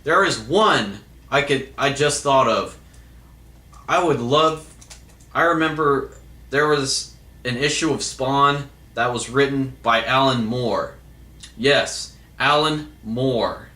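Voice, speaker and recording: A man's voice: mid-range voice, slow pace, bright, forceful tone, echoey room. A man answering viewer questions in a casual monologue, hesitant, with many fillers and restarts.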